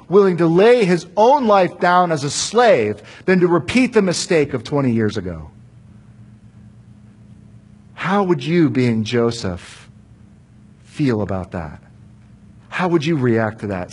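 Husky man retelling a Bible story. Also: on the high side. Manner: conversational, asks listeners questions. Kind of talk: storytelling sermon.

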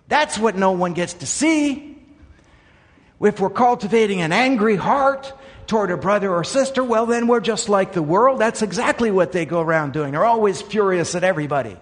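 A man preaching to his congregation in an earnest, conversational sermon. His voice sits a little high. He drops into soft asides and then pushes up to emphatic points, and a long reverb tail hangs after his words. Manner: earnest, swings between quiet asides and emphatic raised lines. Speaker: pastor.

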